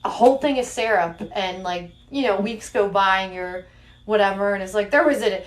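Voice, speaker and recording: A woman's voice: mid-range voice, normal speed, slight background noise. A young adult woman hosting a livestream, chatting casually in a playful, rambling, giggly way. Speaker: livestream host.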